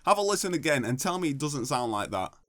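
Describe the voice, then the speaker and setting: A man's voice: fairly high pitch, big pitch swings, quick pace, a bit bright, no echo. A man giving sarcastic, mocking comedic commentary. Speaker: YouTube commentator.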